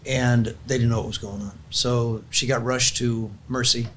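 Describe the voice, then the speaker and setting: A man's voice: mid-range voice, little pitch movement, moderate pace, a little hiss or hum. An older man, a grandfather and podcast guest, telling a heartfelt family story in an earnest, conversational way and closing in prayer.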